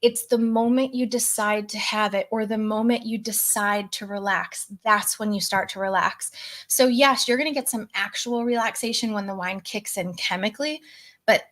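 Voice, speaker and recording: A woman's voice: mid-range voice, normal speed, fairly bright tone. Woman, middle-aged, casual live-stream coaching, talks to viewers, reads their comments.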